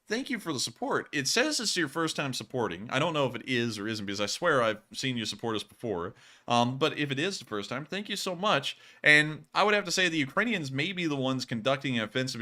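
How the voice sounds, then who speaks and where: A man's voice: mid-range voice, pushed and bright. A man hosting a livestream news chat, answering viewer questions in a rambling, conversational way with a sore throat. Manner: rambling, conversational, many fillers. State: sore throat, about to cough. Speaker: host.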